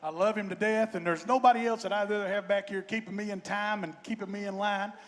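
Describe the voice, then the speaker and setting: A man's voice: high-pitched, fairly even intonation, fast talker. A man, a bandleader giving folksy, joking stage banter and storytelling. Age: 50s. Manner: folksy, joking, warm-hearted. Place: outdoor festival stage. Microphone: stage microphone. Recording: long reverb of a stage sound system.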